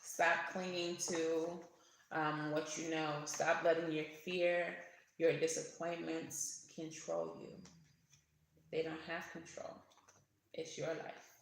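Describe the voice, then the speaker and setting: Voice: medium pitch, creaky, sharp tone, slight background noise. A tarot reader giving a casual reading to camera, chatty, laughing often and swearing now and then. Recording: very echoey room.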